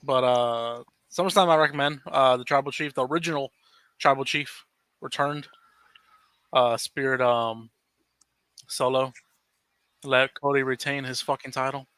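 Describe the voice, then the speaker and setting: Male podcast co-host, chatty and loose, crisp bright voice, dry sound. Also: mid-range voice, fairly even intonation, no echo. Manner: easygoing, chatty, quick asides. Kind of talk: casual podcast chat.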